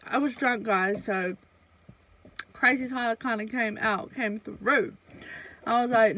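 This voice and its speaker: A young woman talks straight to her viewers in a loose storytime chat. Her voice sits at a middle pitch, and she rambles through fillers and curses as she goes. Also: moderate pace, a bit bright, rough recording. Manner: chatty, full of fillers and swearing. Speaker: vlogger.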